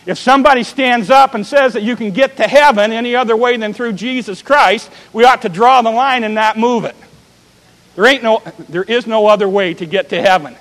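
Emphatic preacher with a high voice. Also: male voice, fairly bright tone, in a large hall, poor audio. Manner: emphatic preaching with rising and falling volume, repeated rhetorical questions. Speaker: pastor. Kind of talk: sermon.

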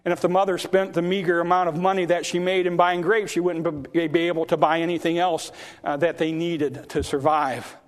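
Male preacher, sermon storyteller; higher voice, halting restarts, rising to shouts. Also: level tone. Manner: repeats words in restarts, swells loud at high points.

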